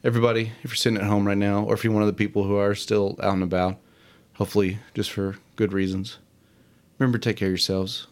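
A man's voice: fairly low pitch, little pitch movement, quick pace. A man hosting a casual solo show, rambling and self-deprecating with many fillers. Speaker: podcast host. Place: home studio, alone.

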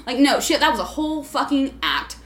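A woman telling a story on a casual podcast chat, profane and ranting, full of swearing and quick asides. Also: high voice, sing-song, fairly bright tone. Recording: echoey room.

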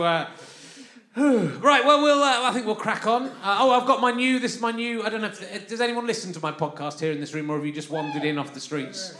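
A fairly high-pitched London man, bright and forceful, hosts a live comic podcast at a festival venue. He delivers a rambling, chatty monologue to the crowd, often laughing through lines, and the sound is roomy and live.

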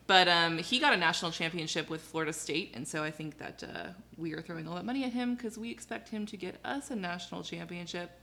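Young woman co-host, low pitch, wry and offhand, faint room noise. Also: fast talker, hardly any pauses, pushed and bright. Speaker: podcast co-host. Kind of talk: casual chat.

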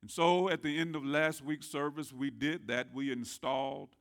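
Gravelly, bright-voiced preacher man. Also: steady tone, normal speed. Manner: call-and-response preaching, swings from low murmurs to loud rising exclamations. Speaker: pastor. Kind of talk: sermon. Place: church sanctuary.

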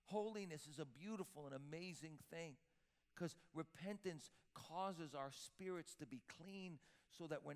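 A man preaching a sermon as pastor, emphatic, repeating words as he builds up. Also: on the high side. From Sicilian-Italian heritage. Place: church sanctuary with long reverb. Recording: reverberant church hall.

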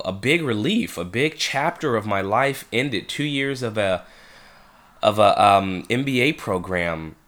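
A man's voice: mid-range voice, fairly bright tone. Congested, nasal-sounding man vlogging. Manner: chatty, self-reflective, many restarts. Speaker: vlogger, father. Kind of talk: casual vlog talk. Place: at home.

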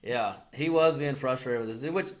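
A man, co-hosting a casual podcast chat, animated and profane, acting out other people's lines as he tells a story. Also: medium pitch, moderate pace. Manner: animated storyteller, heavy swearing, acts out quotes. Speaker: podcast co-host.

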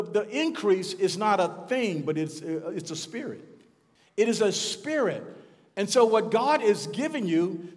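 A man preaching a sermon as pastor, building up to shouted repeated lines and calling on the congregation to answer back. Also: high-pitched, in a large hall. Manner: call-and-response preaching, rising to shouts and repeating phrases. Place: church.

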